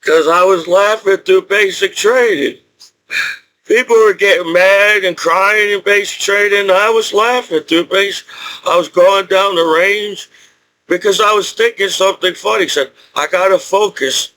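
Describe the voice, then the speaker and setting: Middle-aged guy with a high voice rambling on about himself, keeps chuckling, loops back a lot. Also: a little slow, bright, forceful tone, low-quality recording. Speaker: military veteran vlogger. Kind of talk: rambling personal monologue.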